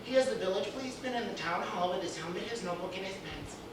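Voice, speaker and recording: A woman's voice: mid-range voice, lively intonation, very fast. A woman telling a story playfully, often laughing, recorded far off in a noisy echoey room.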